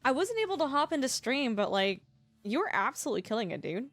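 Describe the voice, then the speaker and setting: A woman's voice: sits high, sing-song, quick pace, fairly bright tone, no room sound, soft background music. A woman streamer chatting casually with her live viewers, bubbly and effusive, laughing often.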